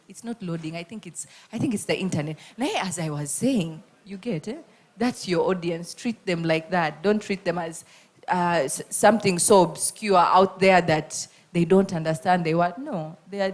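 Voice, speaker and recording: A woman, a radio host judging a contest and giving spoken feedback to contestants. She talks in an animated, emphatic way, stressing and repeating her points. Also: mid-range voice.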